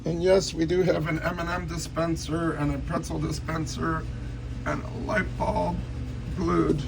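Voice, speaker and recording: A man's voice: fairly high pitch, flat delivery, unhurried, vocal fry, slight background noise, poor audio. A man casually giving a rambling, joking tour of his cluttered space, talking straight to a friend.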